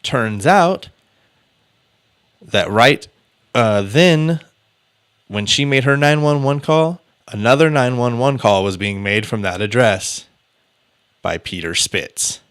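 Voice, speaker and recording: A man's voice: medium pitch, slow, long pauses, a bit bright, clean tone. A man hosting a podcast, casually retelling a true-crime case in a loose, chatty way with filler words and the odd curse. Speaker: podcast host.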